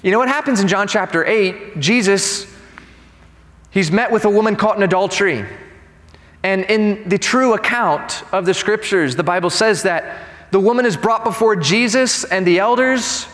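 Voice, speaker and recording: High-voiced preaching man, reverberant hall. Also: normal speed, a bit bright. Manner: emphatic, indignant preaching. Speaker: pastor. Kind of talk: sermon. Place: church sanctuary.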